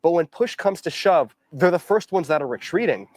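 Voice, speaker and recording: A man's voice: fairly high pitch, expressive, normal speed, darkish tone, no room sound. A man from Canada delivering a preachy monologue to camera, rambling and repeating words. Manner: rambling, repetitive stammering. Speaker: preacher in a clip.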